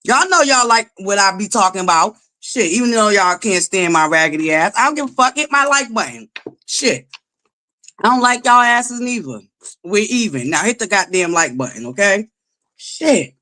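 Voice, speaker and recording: A woman hosting a casual gossip commentary vlog, sassy and profane, scolding her viewers and swinging from low asides to loud exclamations. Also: expressive, normal speed. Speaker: commentary vlogger.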